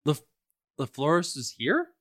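A kind young adventurer speaks gently and reassuringly to a friend, played by a man in a tabletop game. His voice sits slightly high. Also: huge pitch swings, takes it slowly, full character voice. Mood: concerned. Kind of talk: in-character tabletop role-play.

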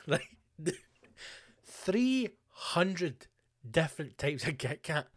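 A man's voice: a little high, very animated, very slow, pauses often, fairly bright tone. A Scottish man hosting a solo podcast, ranting casually with plenty of swearing. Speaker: podcast host.

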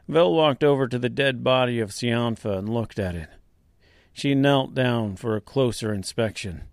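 A man narrating a dark fantasy audiobook serial, reading slowly and deliberately. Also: mid-range voice, dry recording. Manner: slow, deliberate reading with quiet voiced dialogue.

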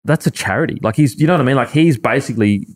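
A medium-pitched Australian man speaks at a quick pace as a podcast guest. The ex-rugby league player rambles earnestly through casual chat, with plenty of restarts.

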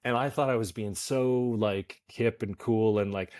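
Canadian guest actor, low voice, easygoing and self-deprecating, quick to laugh. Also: male voice, fairly even intonation, a little mellow. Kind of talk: casual interview chat.

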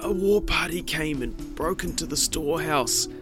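A man voicing a cunning young man who pretends to be badly wounded, speaking weakly and haltingly in a storytelling podcast. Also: on the high side, over music, voice pushed up, close to an everyday voice. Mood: feigned weakness. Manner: weak, halting speech.

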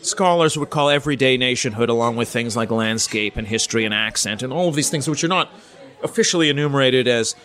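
A middle-aged man from Canada, a politics professor answering interview questions in a measured, explanatory way, thinking aloud with fillers and restarts. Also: medium pitch, a bit bright.

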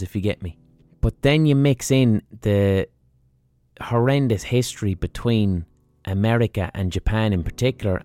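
A man's voice: medium pitch, a little mellow. A man hosting a podcast, delivering a blunt, profane, ranting monologue. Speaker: podcast host.

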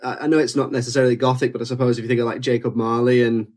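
A man's voice: medium pitch, level tone, very fast, a little mellow. A man hosting a casual film podcast, asking his co-hosts questions and talking with many hesitations and restarts. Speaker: podcast host.

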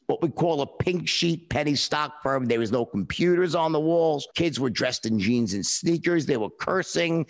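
Gravelly man telling a story animatedly. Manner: animated, acts out voices with big pitch jumps. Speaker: interview guest. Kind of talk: casual storytelling.

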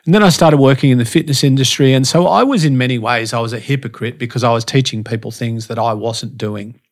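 A man's voice: medium pitch, fast. A middle-aged man telling stories from his life in a casual interview, frank and profane, with many restarts and fillers. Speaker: podcast guest, fitness and behaviour speaker.

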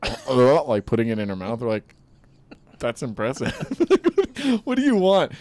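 A man's voice: mid-range voice, normal speed. A man chatting casually as co-host, telling stories with laughter and acted-out quotes. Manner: animated storyteller, acts out quotes with laughter. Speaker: podcast co-host. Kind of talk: casual chat.

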